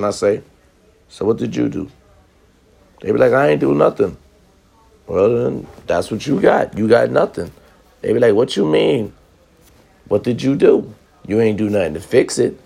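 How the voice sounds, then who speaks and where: A man's voice: mid-range voice, vocal fry. A man giving relationship advice in a blunt, profane casual monologue, repeating lines for emphasis.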